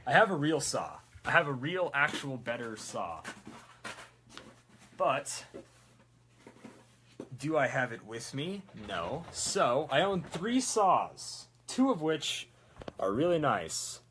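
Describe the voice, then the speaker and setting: A man's voice: medium pitch, big pitch swings, takes it slowly, pauses often, a bit bright, slight background noise. A man chatting casually while making a prop, rambling with self-mocking jokes. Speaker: prop maker. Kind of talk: casual workshop chat.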